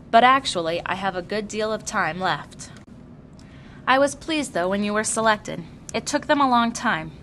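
A woman voicing a weary old man who is gentle and burdened, speaking in a slow, grave and measured way. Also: medium pitch, a little hiss or hum, lightly acted.

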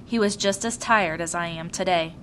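A woman voicing a weary old man who is gentle and burdened, speaking in a slow, grave and measured way. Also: lowish voice, slight background noise, natural voice.

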